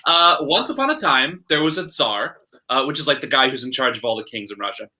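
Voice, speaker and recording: A man casually retelling a fairy tale in a brisk, chatty way. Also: mid-range voice, animated, sharp tone. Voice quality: brisk, chatty, laughs often. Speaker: storyteller.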